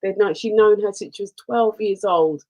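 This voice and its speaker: A woman co-hosting a radio chat show, telling personal stories in an expressive way. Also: medium pitch, moderate pace, low-quality recording. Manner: warm storytelling, expressive.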